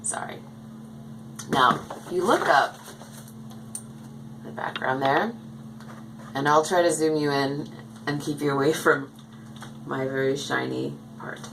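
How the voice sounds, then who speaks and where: A woman's voice: low voice, takes it slowly, gravelly, pauses often, background noise. A woman chatting casually to the camera in a rambling way as she shows her dolls at home. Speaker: doll collector vlogger. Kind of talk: casual chat. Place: home, indoors.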